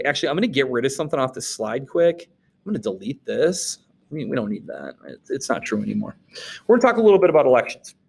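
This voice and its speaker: A Wisconsin teacher with a medium-pitched voice and vocal fry recaps the day's lesson in a recorded class lecture. He keeps it casual, tossing in joking asides and frequently checking in with "okay?"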